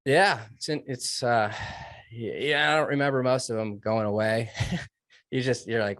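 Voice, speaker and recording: A man recounting his military training in an interview, earnest and emotional, with halting restarts. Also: mid-range voice, fairly bright tone, no room sound, studio quality. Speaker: guest, former Navy SEAL trainee. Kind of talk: personal story told in an interview.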